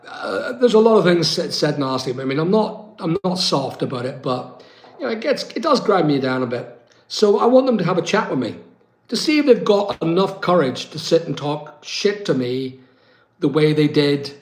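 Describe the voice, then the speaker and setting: A man from Britain hosting a casual live-stream chat, rambling and reading viewer comments aloud. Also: on the high side. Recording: echoey room.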